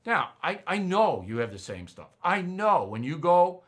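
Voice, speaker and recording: Bright-voiced man telling an indignant story. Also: high-pitched, expressive, normal speed, few pauses. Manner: indignant storytelling, acts out both sides. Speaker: show host. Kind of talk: animated anecdote monologue.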